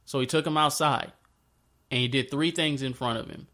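A man talking in a loose, slangy way as he retells an old story and ties it to his own life. His voice sits at an ordinary middle pitch, and his delivery turns lively when he acts out the scenes. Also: moderate pace. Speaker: speaker sharing a faith story. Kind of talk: casual spoken reflection.

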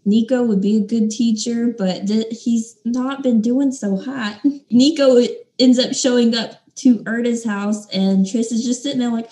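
A young woman chatting casually about a book she loves. She has a mellow, warm tone. She keeps retelling scenes and slips into playful voices for the characters. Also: fairly high pitch, steady tone, a little slow, few pauses, echoey room. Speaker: book podcast co-host.

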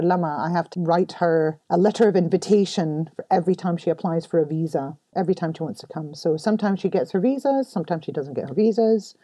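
Warm-voiced woman, lightly Scottish-tinged. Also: deep voice, no echo. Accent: American-tinged English with a light Scottish touch. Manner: candid and expressive, laughs often. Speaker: podcast guest. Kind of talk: casual interview talk. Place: home room.

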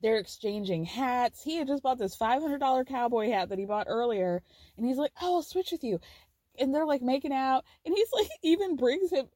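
A woman with a fairly high voice recaps reality TV on her podcast, chatty and quick to giggle. She tells stories in an animated way, and the recording is dry and close, with no room sound. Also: no room sound. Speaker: podcast host.

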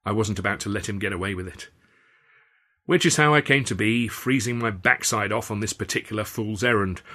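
A man's voice: lowish voice, a bit bright. A man reading his own first-person story aloud in a wry, dry storytelling manner. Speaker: author and reader.

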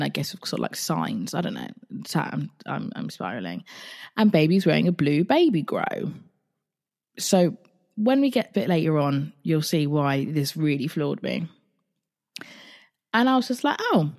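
A woman's voice: deep voice, a little mellow. A woman podcast host, candidly retelling a personal dream in a chatty, casual way with some swearing. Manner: recounts a dream in the present tense.

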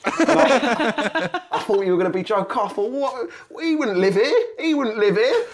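A man's voice: very high-pitched, lively intonation, normal speed, pitched above the performer's own voice. A man putting on the voice of a cheeky male postman who teases him with laughing disbelief. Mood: mocking.

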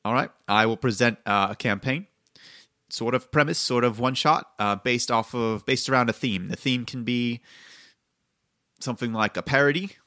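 A man's voice: mid-range voice, pushed and bright, no echo, clean studio sound. A man hosting a tabletop game podcast, explaining rules in a rambling, self-correcting way. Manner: affects an odd mixed accent in his intro. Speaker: podcast host and game master. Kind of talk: casual podcast chat.

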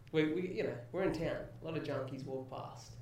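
A man's voice: fairly high pitch, darkish tone, slight background noise. A young man hosting a podcast, telling a story in casual chat and swearing freely. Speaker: podcast host. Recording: roomy echo, mic at a distance.

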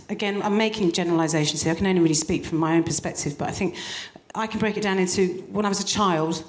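Animated woman doing live stand-up. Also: lowish voice. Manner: animated, acts out mock quotes, laughs often. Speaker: co-host and stand-up comedian. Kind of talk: stand-up comedy and casual chat. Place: live stage before an audience. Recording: echoey live venue with loud noise.

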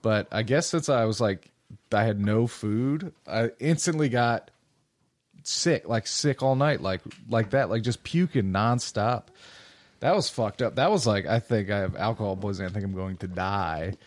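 A low-pitched young man telling rowdy stories on a podcast, swearing freely and laughing as he goes. His voice sounds close and dry, with no room around it. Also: moderate pace, dry recording. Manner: loose, profane storytelling with laughs. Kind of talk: casual chat.

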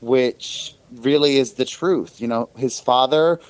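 A man chatting as a podcast guest, his voice pitched in the middle range. He talks earnestly and agrees readily, and the sound is dry and close with no room echo. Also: takes it slowly. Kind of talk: casual interview chat.

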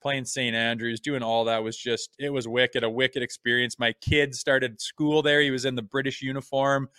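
A man's voice: medium pitch, little pitch movement, moderate pace, pushed and bright, clear, resonant tone, no room sound. A man in his thirties, a former hockey player and firefighter, telling stories in a laid-back way as a podcast guest and swearing freely. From Canada. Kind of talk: casual chat.

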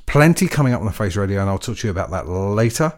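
English male radio DJ, casual and rambling, lower register, very lively delivery. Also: rapid-fire. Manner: chatty, jokey, rambling with fillers. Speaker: radio DJ host.

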